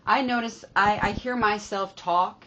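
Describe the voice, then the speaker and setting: A woman's voice: medium pitch, noisy background. New York woman, dull lo-fi recording. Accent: New York, with picked-up Southern touches. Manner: repetitive, affirming, drawn-out phrasing. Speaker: spiritual reader. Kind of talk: channeled spiritual message and casual chat.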